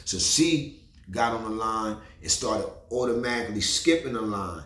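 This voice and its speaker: A man telling a story from the street in a casual, animated, profane way, stumbling and checking in with his listener. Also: fairly low pitch, moderate pace, echoey room. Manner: animated, profane, repeats "you heard".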